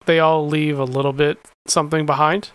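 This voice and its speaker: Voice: medium pitch, little pitch movement, brisk, clean tone, no room sound. A podcast co-host in casual chat, laid-back and swearing casually.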